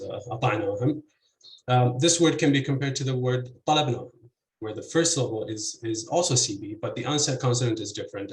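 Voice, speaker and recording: A man's voice: medium pitch, roomy sound, low-quality recording. Hesitant man presenting at an academic talk. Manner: hesitant, many fillers, explains slide examples.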